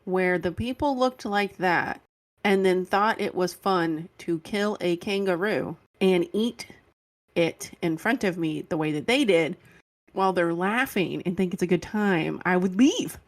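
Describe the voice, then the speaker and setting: A woman's voice: on the low side, measured pace. A woman co-hosting a podcast, chatting casually about a film with blunt opinions and frequent laughter. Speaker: podcast co-host. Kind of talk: casual movie-review chat.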